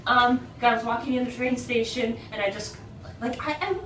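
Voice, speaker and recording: High-voiced young woman in an echoey room. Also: moderate pace. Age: young adult. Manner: animated, playful, full of herself in jest. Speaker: guest. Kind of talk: casual storytelling chat. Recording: echoey room, mic far off, faint noise.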